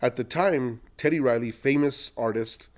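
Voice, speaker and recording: Animated middle-aged man telling stories. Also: mid-range voice, normal speed. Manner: animated anecdotes, acts out quoted people. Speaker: entrepreneur guest. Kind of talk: storytelling in a podcast interview.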